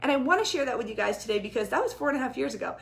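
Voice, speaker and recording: A woman's voice: high-pitched, lively intonation, very fast, vocal fry. A woman in her thirties, a fitness coach, chatting casually and animatedly to her viewers and swearing freely. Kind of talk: casual livestream chat. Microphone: ring light and camera close up.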